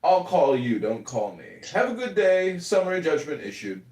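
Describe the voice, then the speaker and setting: A man's voice: on the high side, sing-song, normal speed, darkish tone, echoey room, distant mic, voice pushed up. A man voicing a dismissive bureaucratic official who snaps out short orders. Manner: clipped and dismissive.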